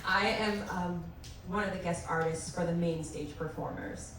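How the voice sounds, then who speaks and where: A woman from Virginia speaking on a live panel as a guest performer, shy, giggly and soft-spoken. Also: lowish voice, fairly even intonation, moderate pace, over a noisy crowd. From Hampton Roads, Virginia. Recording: echoey hall from far off, loud noise.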